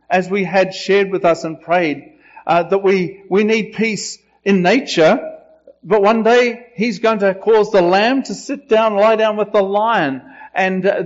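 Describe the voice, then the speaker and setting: A man preaches a sermon in a higher-pitched voice, taking his time and leaning hard on key phrases. He lifts his voice when quoting, and the recording sounds a little dull and lo-fi. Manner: slow, emphatic preaching with quotes rising in pitch. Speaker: pastor.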